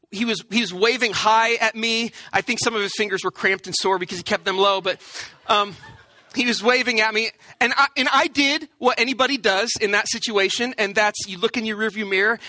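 Male pastor, high bright voice, self-deprecating humorous storyteller, dry close sound. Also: no room sound. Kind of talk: storytelling sermon.

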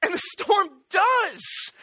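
A male pastor preaching a sermon in an animated, joking storytelling way, acting out little voices. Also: extremely high pitch, slow pace.

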